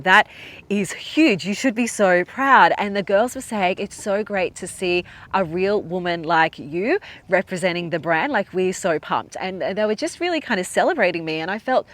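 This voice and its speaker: A woman hosting a podcast, telling a personal story in a chatty, emotional way with lots of filler words. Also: lowish voice. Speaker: podcast host.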